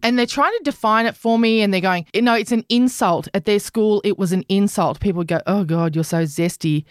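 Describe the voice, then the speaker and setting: A middle-aged woman co-hosting a casual podcast chat, telling camp, animated stories and acting out her family's voices. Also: medium pitch, a little fast, clear, resonant tone, dry recording, studio quality. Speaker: podcast co-host.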